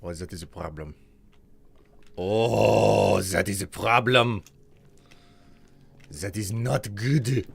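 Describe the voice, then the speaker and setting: A theatrical chef with a grand, formal way of declaiming, as a man puts him on. His voice sits low and unhurried, and each line comes as a slow, stately proclamation. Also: vocal fry, breathy edge, heavily acted. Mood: dramatic. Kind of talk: live-stream role-play voice.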